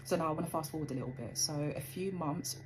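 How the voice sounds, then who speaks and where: A woman's voice: deep voice, fast, music in the background, poor audio. A young woman telling a personal story in a rambling, conversational way with plenty of fillers.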